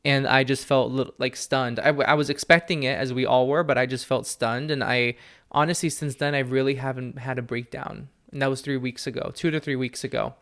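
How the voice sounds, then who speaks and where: A young man hosting a solo podcast from home, talking candidly and earnestly, often with a soft laugh. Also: medium pitch, level tone, fairly quick. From family from Peru. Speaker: podcast host, psychic medium. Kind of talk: reflective solo podcast talk. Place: at home with his dog.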